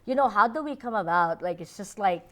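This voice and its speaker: A woman's voice: mid-range voice, expressive, a little fast, pushed and bright. A woman from the Philippines co-hosting a podcast, chatting casually and rambling with lots of "like" and "you know". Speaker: podcast co-host. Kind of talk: casual chat.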